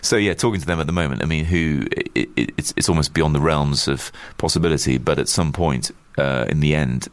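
A man's voice: extremely low pitch, brisk, few pauses, no room sound. A middle-aged man from Chester, a journalist being interviewed, talking reflectively with frequent restarts and fillers. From Chester, England. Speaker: journalist guest. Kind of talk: conversational interview.

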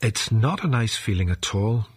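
Man talking straight to listeners, super raspy voice, low and slow. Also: animated. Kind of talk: reflective address to listeners.

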